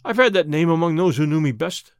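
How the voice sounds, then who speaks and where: A man voicing a cool, cocky young outlaw who answers calmly, quickly and slyly in an audiobook. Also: a little high, no room sound, clean studio sound. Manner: calm, quick, sly answers.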